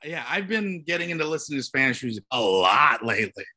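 Bright-voiced agreeable podcast guest. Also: male voice, medium pitch, big pitch swings, fast. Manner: agreeable, frequent "yeah", laughs easily. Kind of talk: casual podcast chat.

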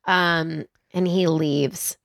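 A woman co-hosting a podcast, recapping a TV episode in casual chat, animated and swearing freely. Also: sits low, drawn-out words, vocal fry, no room sound, clean studio sound. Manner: animated, swears often, acts out quotes in retelling. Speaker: podcast co-host.

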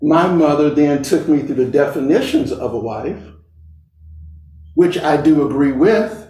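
A middle-aged man telling a personal story to an audience, speaking slowly and earnestly with long deliberate pauses. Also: fairly high pitch, lively intonation, mellow. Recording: roomy sound from a distant mic.

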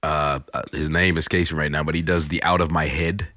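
A middle-aged man from St. Louis with a very deep voice, telling stories animatedly in a casual podcast chat and slipping into voices. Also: brisk, no echo, studio quality. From St. Louis, Missouri. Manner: animated storyteller, breaks into voices and laughs. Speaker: voice actor guest.

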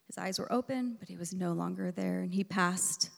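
A woman delivers a sermon from a church sanctuary, her words ringing with long reverb through the hall. Her voice carries a gravelly, creaky texture. She shifts between loud, emphatic lines and soft, breathy near-whispers as she tells a personal story. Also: on the low side, normal speed. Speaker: preacher.

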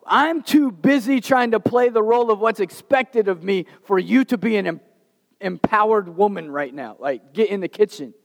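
A man preaching voices a frazzled, overworked woman who bossily blames others, in a higher voice in a reverberant hall. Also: moderate pace, creaky. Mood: exasperated. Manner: exasperated, scolding.

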